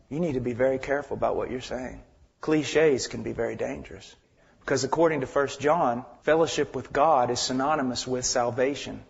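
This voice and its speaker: A man preaching a sermon with intensity, swinging from loud pleading to hushed whispers and repeating phrases for emphasis. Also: a little high, husky. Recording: dull lo-fi sound with long hall reverb.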